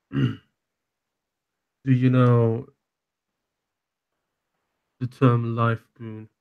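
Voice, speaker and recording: A man's voice: mid-range voice, flat delivery, very slow, creaky, clean tone, phone-quality sound. A man taking part as a player in a tabletop game, asking probing questions. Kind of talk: tabletop role-play chat.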